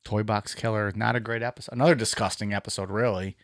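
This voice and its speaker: A man's voice: fairly low pitch, fairly even intonation, quick pace, no echo, studio quality. A man co-hosting a podcast in casual chat, talking bluntly, swearing freely and chiming in over the others. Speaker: podcast co-host.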